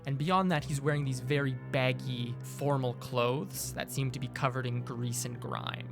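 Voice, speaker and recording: Unhurried male game master narrating. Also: mid-range voice, steady tone, vocal fry, music in the background. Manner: measured, descriptive, unhurried.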